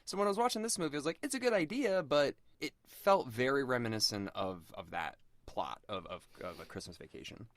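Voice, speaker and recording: A man co-hosting a podcast, chatting casually about a film with plenty of "like" fillers and animated jumps in pitch. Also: a little fast, few pauses, dry recording, clean studio sound. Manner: lots of "like" fillers, animated, leaps up in pitch for quoted lines. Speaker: podcast co-host. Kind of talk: casual film review chat.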